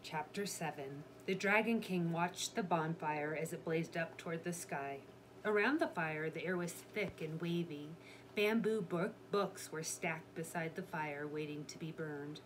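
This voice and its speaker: Low-voiced woman reading a children's book. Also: a little slow, slight background noise. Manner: steady storytelling. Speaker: reader.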